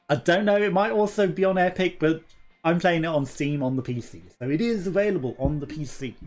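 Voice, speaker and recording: A man's voice: on the high side, darkish tone. Chatty British man streaming a game. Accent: mixed British, shifting between regions. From Birmingham, England. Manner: chatty, chuckling, reads game text aloud. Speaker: let's-play streamer. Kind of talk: casual game commentary and chat.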